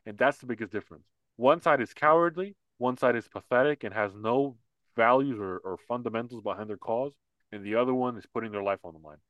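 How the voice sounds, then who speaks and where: Male podcast co-host, mid-pitched, ranting and repetitive, muffled dry audio. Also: a little fast, dry recording. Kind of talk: casual political podcast chat.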